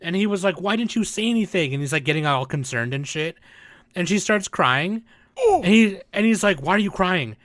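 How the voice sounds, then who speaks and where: Male podcast co-host, bright edgy tone, dry close mic, lively storyteller who swears. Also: sits high, normal speed, dry recording. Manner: animated storytelling, acts out quotes, swears. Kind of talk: casual chat.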